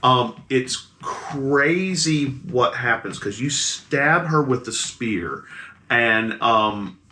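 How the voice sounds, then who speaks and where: A man's voice: mid-range voice, animated, drawn-out words, pushed and bright. A man narrating as game master of a tabletop game, describing the action vividly and adding sound effects. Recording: echoey room.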